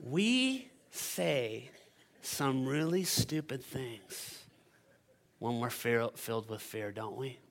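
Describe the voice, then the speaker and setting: A man preaching a sermon, telling a story and building to loud climaxes. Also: mid-range voice, animated, takes it slowly. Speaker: pastor.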